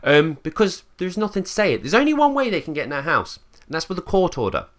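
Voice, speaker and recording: A man's voice: high voice, very animated, fast, a bit bright. A man with an English accent ranting bluntly in a casual monologue, swearing freely and acting out quotes in put-on voices. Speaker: channel host.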